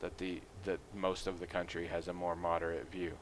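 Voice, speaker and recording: A man's voice: deep voice, level tone, brisk, slight background noise. Man chatting playfully, faint room ambience. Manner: playful, acts out scenes in silly voices. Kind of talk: casual chat.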